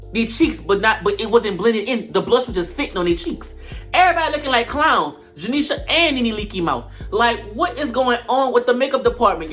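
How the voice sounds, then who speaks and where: A woman giving blunt, slangy commentary on a reality show, swinging between loud outbursts and low mutters. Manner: animated, blunt, slangy trash talk. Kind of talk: casual reaction commentary.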